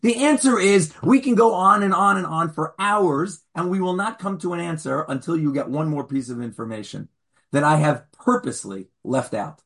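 A man's voice: on the high side, moderate pace, creaky, a bit bright, breathy edge. A man teaching an online Torah class as rabbi, questioning his students in a challenging, Socratic way.

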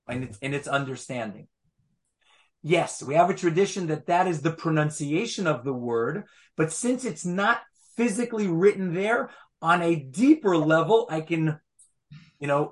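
A man lecturing a study group at an easy pace. his voice sits a touch high, and he comes back to his points, restating them with small asides as he goes. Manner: patient, repeats phrases, fond of asides. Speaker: Torah teacher. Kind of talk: explanatory class lecture.

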